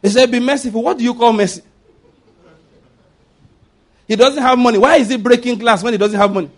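Nigerian guy preaching, high voice, keeps asking if you get his point. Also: a little fast. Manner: emphatic, rhetorical, acts out quoted pleas. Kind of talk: sermon.

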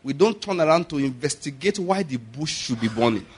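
A man preaching a sermon with a Nigerian accent, animated and chuckling often, putting frequent rhetorical questions to his congregation. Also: medium pitch, brisk, breathy edge.

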